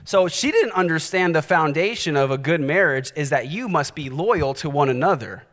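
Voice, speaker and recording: High-voiced pastor preaching. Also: male voice, moderate pace, big-room sound. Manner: animated, direct, challenging. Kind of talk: sermon.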